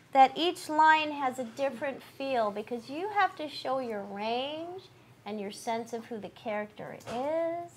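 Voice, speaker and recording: A woman's voice: high voice, a little hiss or hum. A woman coaching a voice actor through a live audition read, chatty and encouraging. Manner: chatty and encouraging, quick asides and laughs. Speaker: voice-over coach. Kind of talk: directing a live audition session.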